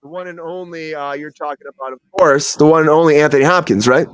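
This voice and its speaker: A man's voice: a little high, steady tone, fast talker, fairly bright tone, clear, resonant tone, no room sound. A man hosting a casual entertainment news chat, rambling and stammering with frequent restarts. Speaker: show host.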